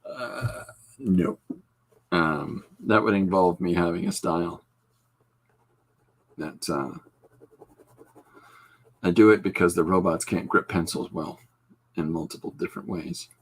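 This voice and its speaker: A man's voice: deep voice, takes it slowly, long pauses, slightly rough. A man hosting a podcast, chatting casually while he draws, rambling with dry, self-deprecating humor. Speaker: podcast host and comic artist.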